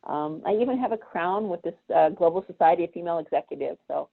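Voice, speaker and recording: Over a video call with tinny, phone-like audio, a woman guest tells stories in casual chat, animatedly acting out the voices of the people in them. Her voice is lowish, fast, and creaky.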